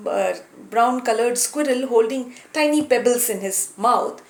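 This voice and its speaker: A woman telling a moral story as a lesson, in a warm, unhurried way with some hesitation, recorded in a room with a roomy echo. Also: on the high side. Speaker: storyteller, teacher.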